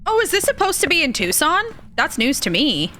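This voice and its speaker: Casting note: bright, fairly high-voiced young woman, chatty game streamer, faint hiss behind. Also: huge pitch swings, a little fast. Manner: chatty, reads chat aloud and greets viewers. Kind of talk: casual live-stream chat while gaming.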